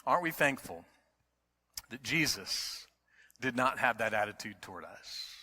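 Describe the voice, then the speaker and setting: A middle-aged man preaching a sermon as pastor. He is emphatic, repeats key words, and moves between quiet storytelling and loud preaching. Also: medium pitch, animated, unhurried. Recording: long hall reverb.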